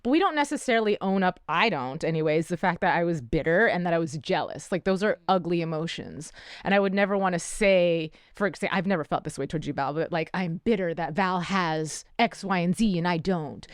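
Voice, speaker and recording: A woman's voice: on the low side, fairly quick, no room sound, clean studio sound. A woman hosting a podcast, telling a personal story in a candid, rambling casual chat. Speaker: podcast host.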